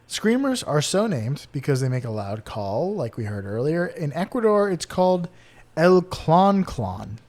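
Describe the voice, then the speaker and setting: A slightly higher-voiced man chatting casually on a podcast. He reads out facts in a playful way and jokes between them. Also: sing-song, moderate pace, few pauses, darkish tone. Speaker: podcast co-host presenting bird facts. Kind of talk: casual chat.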